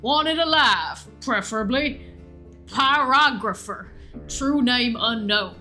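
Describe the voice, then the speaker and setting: Bright-voiced young woman reading aloud. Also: fairly high pitch, takes it slowly, soft background music. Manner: steady, careful reading with small slips. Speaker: player. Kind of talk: reading aloud in a tabletop game.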